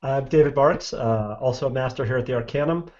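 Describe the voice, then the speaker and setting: A man's voice: mid-range voice, brisk, darkish tone. Hesitant man on a muffled call. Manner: hesitant, dry humor. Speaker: guest panelist. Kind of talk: casual self-introduction. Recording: dull video-call audio.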